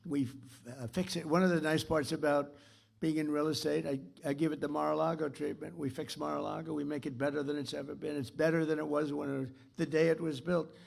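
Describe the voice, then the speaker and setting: A man giving a rambling, repetitive, boastful keynote speech into a podium microphone on a theater stage. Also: on the high side. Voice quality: gravelly. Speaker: keynote speaker. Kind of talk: political speech.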